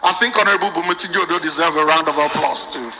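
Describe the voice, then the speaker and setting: A man's voice: fairly high pitch, very fast, big-room sound, background noise. A Nigerian man performing stand-up comedy for a live audience, acting out the people in his stories as he tells them. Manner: animated storytelling that acts out the people in his stories. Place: live event before an audience.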